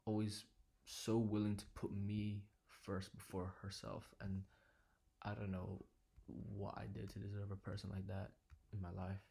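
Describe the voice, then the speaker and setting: A young man speaks low and earnestly in a home living room, keeping his voice down and at times slipping into a whisper. His voice is deep, gravelly and a little husky, and it stays on a fairly flat pitch. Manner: quiet, low-key and earnest, sometimes dropping to a whisper. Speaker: vlogger. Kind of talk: reflective personal vlog.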